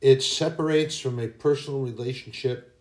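A man's voice: medium pitch, fairly even intonation, normal speed, darkish tone, echoey room. A man hosting a casual faith podcast, telling anecdotes in a rambling way that often corrects itself. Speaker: podcast host.

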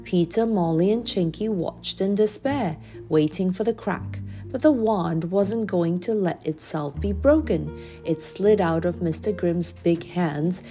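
A woman reads a children's story aloud in a gentle, expressive way. Her voice is mellow and sits a little low. Soft music plays faintly behind her. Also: a little slow. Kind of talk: children's audiobook narration.

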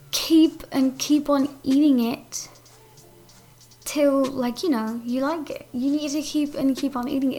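A woman's voice: high-pitched, darkish tone. A woman vlogging from home in a bubbly, gushing casual chat with her viewers, filling her talk with "like". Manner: bubbly, gushing, says "like" a lot. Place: at home with family over.

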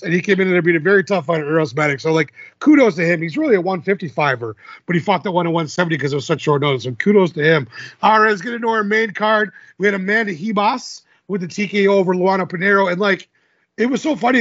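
A man's voice: high voice, a bit bright, no echo, lo-fi sound. A man co-hosting a podcast, recapping fight results in casual chat and laughing often. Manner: chatty, laughs often, filler-heavy. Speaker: podcast co-host.

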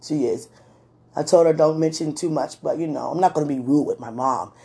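A woman in a casual talk to camera, laughing often, with loose slangy speech and warm words to a loved one. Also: low voice, fairly quick, gravelly. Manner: affectionate, addresses a loved one.

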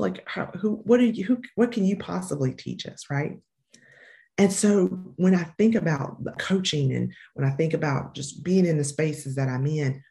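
Speaking in a low, mellow voice, a Southern American woman responds to interview questions in her role as an education consultant and coach. She is earnest and emphatic, easing her pace to stress important phrases.

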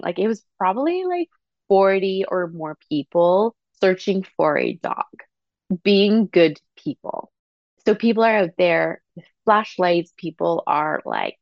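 A woman's voice: mid-range voice, no room sound. A young Canadian woman hosting a podcast, telling a personal story with raw emotion, swearing freely and saying "like" often. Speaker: podcast host. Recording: dull, dry close-mic sound.

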